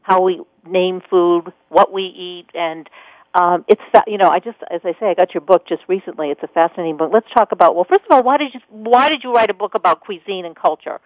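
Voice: medium pitch, fairly quick, no room sound, phone-quality sound. Radio host, chatty, rambles into questions, thin phone-band sound, dry. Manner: conversational, thinks aloud with fillers. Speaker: radio talk show host. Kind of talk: radio interview.

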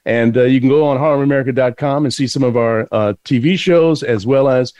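A man hosting a talk show, wrapping up before a break with brisk remarks and some fillers. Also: mid-range voice, darkish tone, dry recording. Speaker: host.

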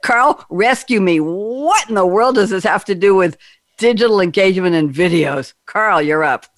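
A woman's voice: mid-range voice, expressive, moderate pace, no room sound, clean studio sound. An older woman hosting a panel show as a broadcaster, chatty with self-deprecating humor.

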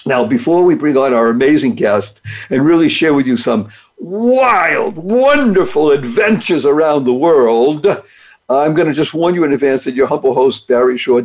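A man's voice: fairly high pitch, a little mellow. A man hosting his own show, giving a playful, upbeat motivational talk full of acronyms and wordplay. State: speaks despite paralysis from a rare disease. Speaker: podcast host. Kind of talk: motivational monologue.

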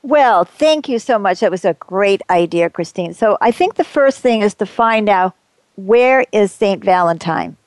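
A woman's voice: medium pitch, expressive, normal speed, clean tone, no echo. A woman hosting a radio show, chatty and playful in casual talk.

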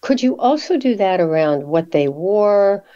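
A woman's voice: mid-range voice, expressive, a little slow, dark tone, muffled recording. A woman hosting a radio interview show, asking curious follow-up questions of her guest.

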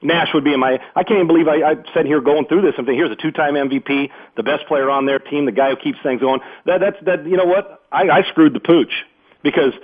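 A man's voice: a little high, fast, narrow, tinny audio. A man hosting a call-in sports radio show, talking emphatically and often restarting his sentences.

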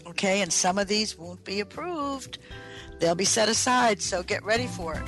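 An emphatic trainer giving a lecture over the radio, with a mid-pitched voice. The speaker leans on repeated phrases and talks straight to the audience. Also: animated, normal speed, a bit bright, soft background music, poor audio. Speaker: workplace improvement trainer on a radio talk show. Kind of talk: lecture-style radio talk.

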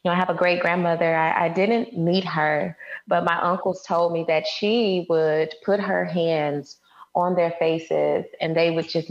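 A woman's voice: sits low, lo-fi sound. A woman from Brazil speaking as an interview guest, earnest and reflective. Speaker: guest, movement and Reiki facilitator. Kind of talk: casual interview.

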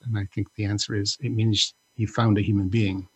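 A man's voice: fairly low pitch, flat delivery, fairly quick, husky. A man co-hosting a podcast in casual chat, rambling and breaking off his own sentences, with the odd joke. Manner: rambling, self-interrupting, joking. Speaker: podcast co-host.

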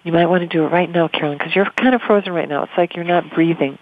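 A calm channeler leading a caller through guided counseling, unhurried and gentle, referring to themselves as "we". The voice sits at a middling pitch. It comes through a narrow, phone-like band. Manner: slow, soothing, speaks as a collective "we". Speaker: radio host and channeler. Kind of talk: guided spiritual counseling on a call-in show.

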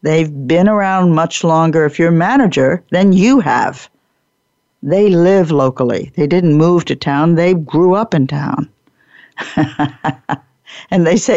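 A woman host tells a workplace parable with a lively, swooping voice that has a gravelly edge. She talks playfully and slips into the characters. The sound is dry and a little dull, as on a lo-fi recording. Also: fairly low pitch, takes it slowly, pauses often, no room sound. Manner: animated, playful, laughs often, acts out characters. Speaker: podcast host and workplace improvement speaker. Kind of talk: storytelling lecture.

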